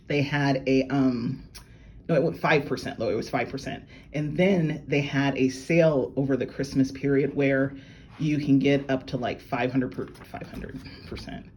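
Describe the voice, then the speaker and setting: A woman, gushing and excitable as she unboxes jewelry and chats with viewers she calls y'all. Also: low voice, a little hiss or hum, poor audio. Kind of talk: casual unboxing chat to viewers. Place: at work.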